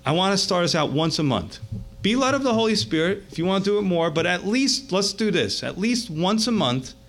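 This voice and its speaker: A man's voice: high-pitched, brisk. Conversational man preaching a sermon. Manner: conversational, animated, addresses listeners as gang. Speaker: pastor.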